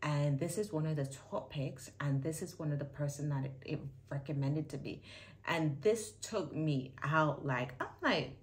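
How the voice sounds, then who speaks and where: A woman YouTuber giving casual, candid commentary on a clip, swinging between emphatic bursts and soft asides. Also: sits low, moderate pace.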